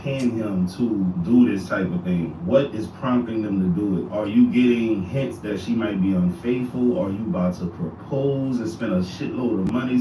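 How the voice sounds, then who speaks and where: A man giving loud, slangy live-stream commentary straight to his viewers. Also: on the low side, recorded from a distance. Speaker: streamer reacting to clips. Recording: echoey room, voice from afar, steady background noise.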